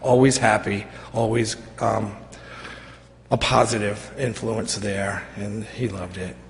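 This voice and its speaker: Gravelly, low-voiced man giving a halting tribute. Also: steady tone, slight background noise. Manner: halting and emotional, with many fillers. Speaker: veterans' post commander speaking at public comment. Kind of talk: public tribute speech. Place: council chamber. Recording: reverberant council chamber with faint ambience.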